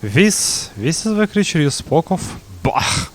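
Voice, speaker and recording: A man reading out a proud, lovesick beast shapeshifter in a flat voice with stumbles. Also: fairly high pitch, takes it slowly, slight background noise.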